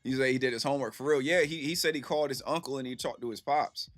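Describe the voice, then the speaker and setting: A man's voice: mid-range voice, fast, no room sound, faint music behind. A man in his thirties streaming and answering his chat in a rambling, slangy storytelling way full of fillers. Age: 30s. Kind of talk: casual livestream chat.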